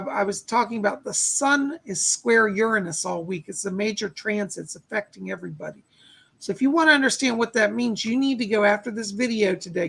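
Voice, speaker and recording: A man's voice: high-pitched, gravelly, a bit bright, husky. A man in his sixties hosting a live-stream chat as a psychic medium, gushing and exclamatory as he greets viewers.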